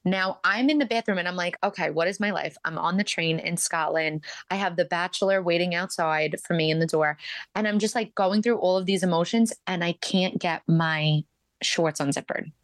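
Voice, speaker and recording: A woman guest on a podcast, telling stories in a chatty, animated way, full of "like" and "um". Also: fairly low pitch, moderate pace, no room sound. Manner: chatty, animated, many fillers like "like" and "um". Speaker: podcast guest, reality show contestant. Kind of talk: casual storytelling interview.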